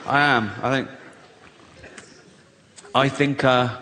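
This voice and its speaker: A man's voice: medium pitch, fairly even intonation, slow, background noise. An English man doing a stand-up comedy set on a large theatre stage, sardonic and profane, acting out silly voices. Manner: sardonic, acts out silly voices and swears freely. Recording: long hall reverb from a big venue.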